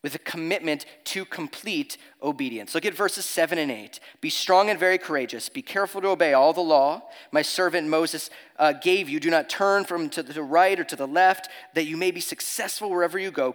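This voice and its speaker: A man's voice: a little high, big-room sound. A man preaching a sermon as pastor, earnest and emphatic, reading scripture aloud.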